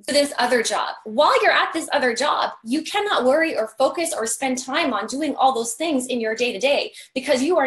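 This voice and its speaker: A woman's voice: high voice, fairly bright tone, reverberant. A woman coaching business owners in a chatty live tutorial, full of "like" and "right?", while losing her voice. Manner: chatty, filler-heavy, keeps asking "right?". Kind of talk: live-streamed scheduling tutorial.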